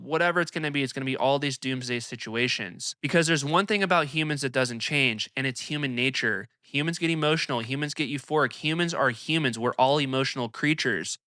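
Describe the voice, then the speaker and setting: A young man hosting an investing video, talking to camera in an energetic, emphatic, conversational way. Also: mid-range voice, a little fast, hardly any pauses, no room sound, clean studio sound. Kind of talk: casual commentary to camera.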